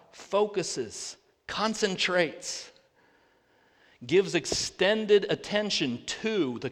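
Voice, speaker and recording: A pastor preaching a sermon, earnest and full of rhetorical questions, slowing down to read scripture aloud. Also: male voice, a little high, a bit bright. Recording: long reverb of a large hall.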